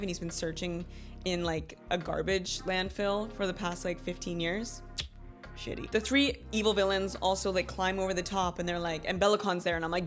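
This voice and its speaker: A woman in her thirties recaps a novel's finale like she is gossiping with a friend, laughing often and acting out what the characters said. Her voice sits in an ordinary middle range. Soft music plays faintly underneath. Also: mid-range voice. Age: 30s. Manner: animated, gossipy, laughs often, acts out quotes. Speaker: book club host. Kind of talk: casual book recap.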